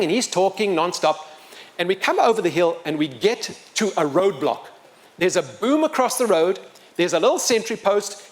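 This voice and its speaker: A man telling a story live to an audience, acting out the people in it. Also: high-pitched. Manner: animated, acts out the people in his story. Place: open-air pavilion.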